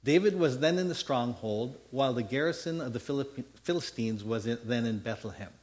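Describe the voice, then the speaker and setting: A man's voice: mid-range voice, fairly quick, few pauses. A man preaching a sermon, telling a Bible story in a folksy way, acting out the dialogue and checking in with his listeners. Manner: animated storytelling, acts out biblical dialogue; folksy asides and repeated "okay?". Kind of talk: sermon with slides.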